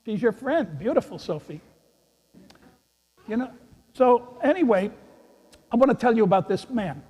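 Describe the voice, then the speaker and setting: A man, a priest, giving a gentle children's sermon in a church, telling a story and chuckling with the kids. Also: extremely high pitch, sing-song, normal speed, slightly rough. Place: large church. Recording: echoey church hall.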